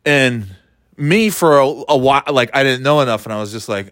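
A man, talking in a rambling, profane, animated way, dropping into quick impressions. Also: medium pitch, no room sound, studio quality. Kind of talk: casual comedic monologue.

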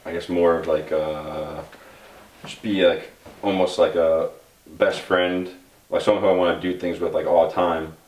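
A man's voice: deep voice, level tone, normal speed, a little mellow, slight background noise. A young man in a casual chat with friends, speaking hesitantly with many fillers. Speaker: guest. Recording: roomy sound from a distant mic.

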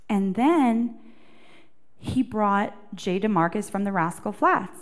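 A woman from Canada, a guest singer, telling her faith story in an earnest, animated way, repeating herself for emphasis. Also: medium pitch, slow pace. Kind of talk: faith testimony in conversation.

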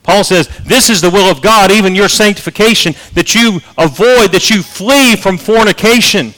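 A man preaches a sermon in a fairly high voice. He swings between loud, emphatic peaks and quiet, low asides. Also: normal speed.

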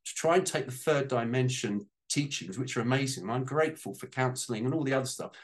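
A man's voice: mid-range voice, quick pace. A man on a panel talking about a personal change in a heartfelt, rambling way, close to tears at times. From United Kingdom. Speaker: guest on a panel. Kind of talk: emotional personal testimony.

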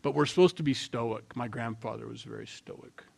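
A man preaching a sermon in a conversational tone, swinging between loud emphasis and quiet asides. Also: mid-range voice, normal speed, gravelly, hardly any pauses. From Norwegian heritage. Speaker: pastor.

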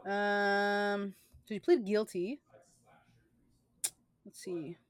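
A young woman co-hosting a podcast, rambling through her thoughts with plenty of filler words. Her voice sits at an ordinary middle pitch, and the recording is close and dry, with no room sound. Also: steady tone, drawn-out words, smooth, no room sound. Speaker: podcast co-host. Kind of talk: casual chat.

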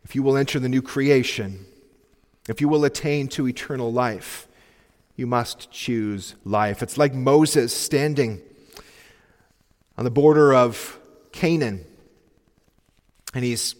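A male pastor preaching a sermon, earnestly urging his listeners and dropping to soft pleas. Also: mid-range voice, slow pace, pauses often. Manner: earnest, pleading exhortation with sudden soft drops. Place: church sanctuary. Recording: long reverb of a church hall.

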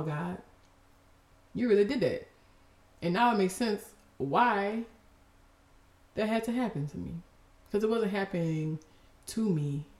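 Woman podcast host, lower voice, heartfelt and expressive, roomy echo. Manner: emotional, expressive, teary laughter. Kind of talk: faith podcast talk.

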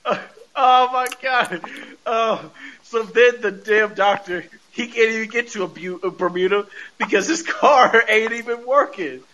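High, bright-voiced man recapping animatedly. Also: measured pace, highs cut off, slight background noise. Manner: animated storytelling, laughs often. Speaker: podcast host. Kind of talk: casual episode recap.

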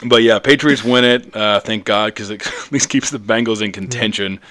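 A man co-hosting a casual sports podcast, animated and jokey, wandering off on tangents. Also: fairly low pitch, normal speed, no echo. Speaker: podcast co-host.

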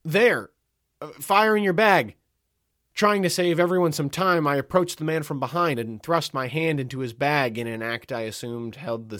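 A man narrating a comic first-person story in a wry, dry, deadpan manner. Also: mid-range voice, no room sound.

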